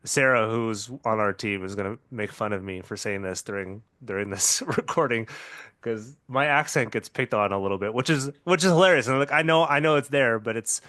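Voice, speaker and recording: A man's voice: fairly low pitch, fairly quick, fairly bright tone, no echo. A male podcast host with a mixed Southern Californian and Pacific Northwest accent, talking casually and hesitantly, often restarting and laughing easily. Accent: Southern Californian and Pacific Northwest blend. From US West Coast.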